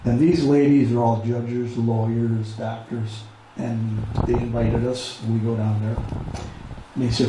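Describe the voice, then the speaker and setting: A man's voice: medium pitch, level tone, measured pace, dark tone, slight background noise. Man from Pennsylvania, rambling veteran storyteller, recorded in a very roomy space. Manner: rambling, repeats words, breaks off to give his dog commands. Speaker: veteran with a service dog. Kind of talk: casual spoken storytelling. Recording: very echoey room, mic far off, faint ambience.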